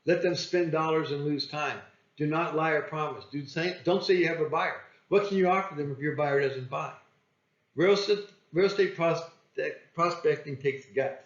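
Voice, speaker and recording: A man's voice: a little high, normal speed, echoey room, highs cut off. A man giving plain-spoken sales coaching and acting out phone calls. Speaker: sales trainer.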